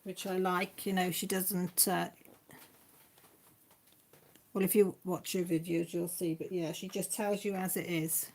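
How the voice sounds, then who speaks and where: A woman's voice: fairly low pitch, flat delivery, a little slow, pauses often, a little mellow, a little hiss or hum. A woman chatting casually to viewers by name on a crafting live stream at home, rambling from one thing to the next.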